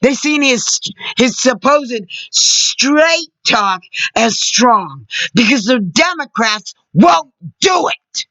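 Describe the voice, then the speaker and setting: Furious woman ranting, swinging pitch. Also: animated, slow, dry recording, muffled recording. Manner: furious, profane, shouting at times. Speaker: vlogger. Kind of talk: angry political rant.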